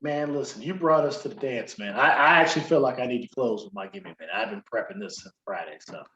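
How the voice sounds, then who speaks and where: A man's voice: mid-range voice, fast talker, bright, forceful tone. A man co-hosting a podcast, talking sports in a laid-back, slangy, teasing way. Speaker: podcast co-host. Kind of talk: casual sports banter. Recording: roomy, slightly dull sound.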